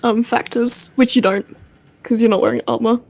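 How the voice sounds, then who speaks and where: A woman's voice: fairly high pitch, fairly even intonation, normal speed, gravelly, a little mellow. A woman playing in a tabletop game, chatting casually and giggling. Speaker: player. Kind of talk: casual chat during a game.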